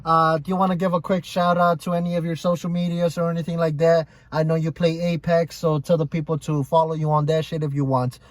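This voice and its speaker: A man's voice: on the high side, flat delivery, a little fast, hardly any pauses, no echo. Young man hosting a loose podcast. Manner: loose, profane, repeats himself. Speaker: podcast host. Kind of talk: casual podcast chat.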